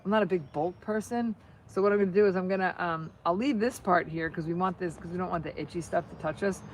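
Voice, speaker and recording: A woman's voice: fairly low pitch, quick pace, a little hiss or hum. A middle-aged American woman chatting casually to viewers while crafting, rambling, with many restarts. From United States. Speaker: vlogger.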